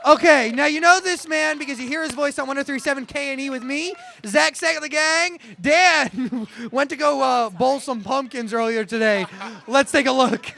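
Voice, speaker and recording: A man hosting a festival broadcast as a radio host, with quick, upbeat announcer patter. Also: very high-pitched, vocal fry, pushed and bright. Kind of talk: event hosting.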